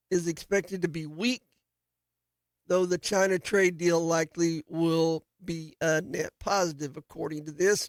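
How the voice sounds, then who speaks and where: A folksy man hosts a farm radio show, rambling along with plenty of fillers and restarts. His voice sits a bit high for a man. The sound is dry and close, from a studio mic. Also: no echo. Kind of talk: casual farm radio talk. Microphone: studio microphone.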